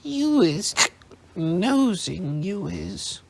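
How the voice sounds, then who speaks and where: A man voicing a drunk, tearful female house-elf who squeaks, slurs and coughs as she talks. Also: huge pitch swings, very slow, creaky, noisy background, heavily acted. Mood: indignant. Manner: whimpering, indignant.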